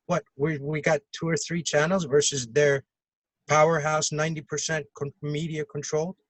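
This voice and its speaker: A man's voice: fairly high pitch, level tone, normal speed, a bit bright, no room sound, rough recording. A man co-hosting a casual political chat, talking in opinionated, rambling runs with fillers. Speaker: podcast co-host.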